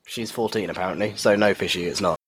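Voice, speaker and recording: A man's voice: deep voice, fast talker, a bit bright. A man chatting casually with friends, teasing them and laughing easily. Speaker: friend in group voice chat. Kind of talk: casual chat.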